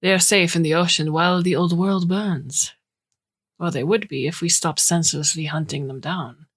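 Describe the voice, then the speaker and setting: A woman voicing an older silver-haired man with a faint Romanian accent who speaks in a slow, measured way. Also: lowish voice, steady tone, close to an everyday voice. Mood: musing.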